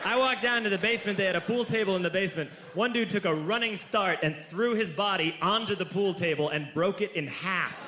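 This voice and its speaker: A man in his thirties telling a stand-up story, animated and shouting the punchlines. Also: high voice, a little fast, hardly any pauses, echoey room, noisy background. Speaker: stand-up comedian.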